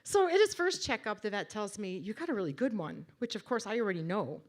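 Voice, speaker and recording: A woman's voice: mid-range voice, sing-song, fairly quick. A woman telling a personal story on a live stage in a wry, conversational, self-deprecating way.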